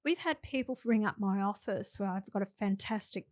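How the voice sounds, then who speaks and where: An older woman with an Australian accent talks plainly and earnestly, passing on advice through personal anecdotes. Her voice sits at an ordinary middle pitch. The recording is dry and close, with little room sound. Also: normal speed, a little mellow, dry recording. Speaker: senator, guest. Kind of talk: interview conversation.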